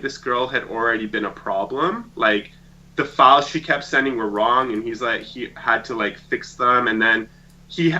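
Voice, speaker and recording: A man co-hosting a podcast, chatting casually and telling a story with animated swings between loud and quiet. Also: medium pitch, highs cut off. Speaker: podcast co-host. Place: home room with shelves.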